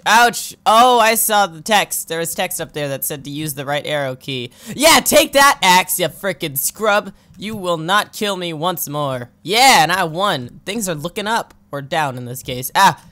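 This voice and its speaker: A gamer host giving let's play commentary, excitable, yelping and laughing at deaths and talking to the characters on screen. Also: mid-range voice, unhurried, few pauses. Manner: playful, talks to the game characters. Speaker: gaming channel host.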